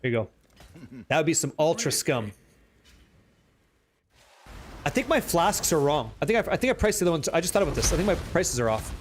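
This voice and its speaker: A man live-streaming a game, chatting and joking with viewers, excitable and profane. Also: fairly high pitch, quick pace, a little hiss or hum. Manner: excitable, profane, teasing chat, reading questions aloud.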